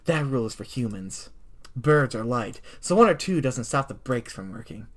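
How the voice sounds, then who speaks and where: A man voicing a stern older female sparrow who rides a scooter, talking in a gruff, grave manner during a live-streamed game reading. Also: medium pitch, animated, moderate pace, fairly bright tone, pitched below the performer's own voice.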